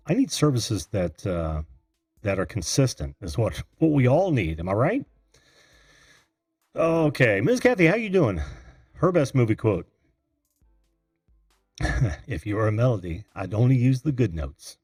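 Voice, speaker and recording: A middle-aged man hosting a live call-in show, chatting and reading viewer comments, easily flustered and quick to laugh. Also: medium pitch, a little mellow, breathy edge, no room sound, clean studio sound.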